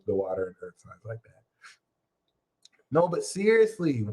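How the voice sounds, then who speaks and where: A man's voice: mid-range voice, rough recording. A man hosting his own astrology channel, talking in a rambling, profane and jokey way and circling back to the same catchphrases. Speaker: astrology reader and channel host. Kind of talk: casual astrology commentary.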